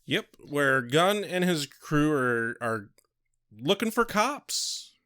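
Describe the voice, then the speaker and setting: A man speaks bluntly in casual podcast chat, swearing freely as he makes his points. His voice is of middle pitch for a man. The recording is dry, with no room sound. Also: very animated, slow, pushed and bright, smooth, dry recording. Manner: blunt, profane ranting. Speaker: podcast co-host.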